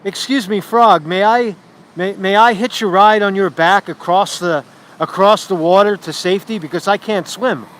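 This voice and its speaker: A man's voice: high voice, moderate pace, a bit bright, voice pushed up. A man putting on a sly, pleading scorpion. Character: scheming male scorpion from a fable.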